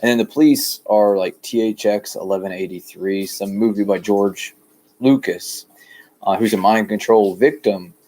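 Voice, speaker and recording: A man from the rural United States, talking in a rambling, plain, deliberately low-key monologue outdoors by a shed. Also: mellow, slight background noise. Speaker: vlogger.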